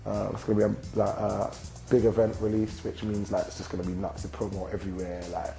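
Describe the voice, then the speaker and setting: A young man in his twenties with a London accent, a rapper and actor answering interview questions in a relaxed, slang-filled way and tagging sentences with "you get me". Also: fairly low pitch, fairly quick, creaky, over music, low-quality recording. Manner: slang-heavy, constant "you get me" tags.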